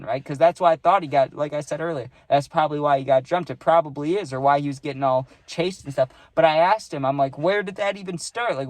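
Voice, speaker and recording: A man's voice: medium pitch, darkish tone, dry recording. A young man telling a casual storytime, rambling with lots of "like" and "right?", and swearing freely.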